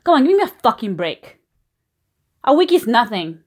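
Audio role-play: young woman as a jealous, cursing girlfriend, from muttering to shouting, lively higher voice. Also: moderate pace. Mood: yelling. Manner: swears constantly, swings between low mutters and shouting. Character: jealous, foul-mouthed young girlfriend, possessive and hot-tempered.

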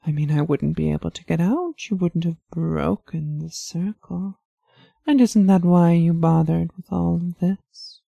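A woman voicing a seductive, teasing female demon who speaks in a slow, purring way. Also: on the low side, creaky, dark tone, slightly rough, dry recording, highs cut off, exaggerated voice.

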